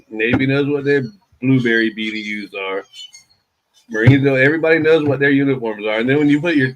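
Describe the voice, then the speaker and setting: A man's voice: mid-range voice, dull audio, a little hiss or hum. A man, from Florida, co-hosting a casual morning show and telling a rambling, profane story.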